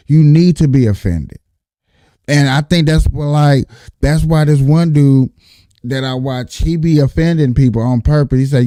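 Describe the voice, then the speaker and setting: A man hosting a reaction show, talking in animated, slangy commentary full of swearing and repetition. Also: on the high side, no room sound, clean studio sound. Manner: animated, slangy, profane, repeats himself. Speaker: host.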